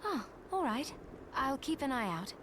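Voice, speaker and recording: A calm, steady game heroine. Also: female voice, sits high, moderate pace. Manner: composed, brief, steady. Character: calm young female demon-hunting heroine.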